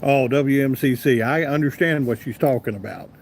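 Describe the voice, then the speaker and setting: With a mid-range voice and a moderate pace, a man with a Southern US accent reads comments on a casual live stream and replies to viewers by name. Some slight background noise is audible.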